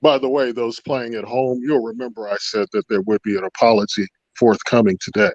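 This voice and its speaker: A man's voice: mid-range voice, steady tone, brisk, a little mellow, dry recording. A man calling into a livestream, giving the host advice and speaking to the audience at home. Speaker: caller. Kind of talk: casual call-in commentary. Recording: dull lo-fi call audio.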